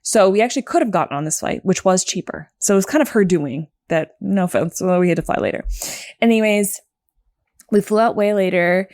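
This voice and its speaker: A woman's voice: mid-range voice, fairly quick, darkish tone, no echo, studio quality. A woman co-hosting a comedy podcast, telling a story in a chatty way full of "like". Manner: chatty, peppered with "like". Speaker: podcast co-host.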